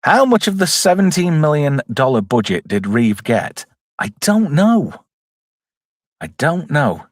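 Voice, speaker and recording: A man's voice: a little high, expressive, normal speed, hardly any pauses, no echo, clean studio sound. A man giving jokey, casual live commentary on a film and reading out chat messages. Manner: jokey, reads out chat, puts on silly voices. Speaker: streamer reviewing a film.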